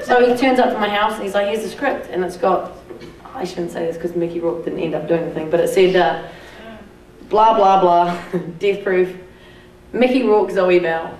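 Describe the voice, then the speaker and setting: A young New Zealand woman tells an anecdote to a live audience, cheerfully profane and quick to laugh. Her voice echoes around a cinema auditorium, picked up from a distance over steady room noise. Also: lowish voice. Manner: lively, swears freely, laughs often while telling. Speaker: guest speaker at a film screening. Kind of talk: animated storytelling to a live audience. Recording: echoey cinema taped from far off.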